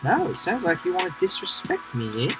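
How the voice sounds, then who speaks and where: A man doing a comic impression of a gruff, touchy London drug dealer, with a put-on London accent that slips toward Australian and pushy tag questions. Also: high-pitched, huge pitch swings, brisk, over music, voice pushed up, low-quality recording. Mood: menacing. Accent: put-on London accent slipping toward Australian. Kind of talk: comic impression in a live stream.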